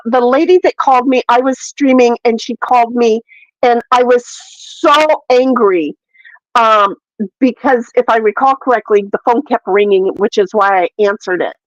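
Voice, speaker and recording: A high-pitched woman talks in a loose, rambling way, full of fillers, with the odd curse word. The audio is dry and a little dull. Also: no echo. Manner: rambling, profane, animated ranting with many fillers. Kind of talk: casual chat.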